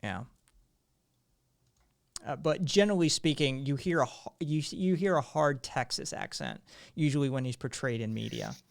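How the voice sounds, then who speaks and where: A man's voice: mid-range voice, normal speed, vocal fry. A man hosting a live stream, talking in a rambling way with lots of fillers and restarts. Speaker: streamer host.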